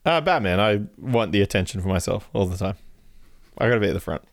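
A man's voice: fairly low pitch, animated, quick pace, vocal fry, dry recording, clean studio sound. A man chatting casually as a podcast guest, rambling through his answers and laughing between them.

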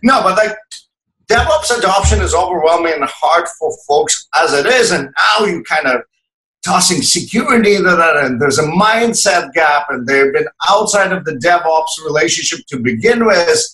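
A man's voice: fairly high pitch, animated, moderate pace, sharp tone. A man from Russia with a Russian accent, hosting a podcast and asking teasing, provocative questions. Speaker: podcast host. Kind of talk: casual podcast chat. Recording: roomy echo.

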